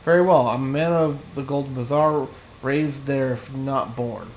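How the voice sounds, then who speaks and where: A man's voice: mid-range voice, moderate pace, a little mellow, reverberant, slight background noise, lightly acted, poor audio. A man voicing a cowardly male merchant who posed as a priest, reading his lines from a game. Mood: pleading.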